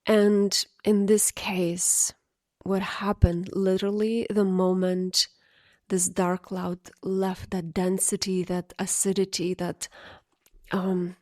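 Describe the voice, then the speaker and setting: A woman podcast host telling a personal story in a halting, emotional way, with many pauses and fillers. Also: mid-range voice, level tone, darkish tone, no room sound, clean studio sound.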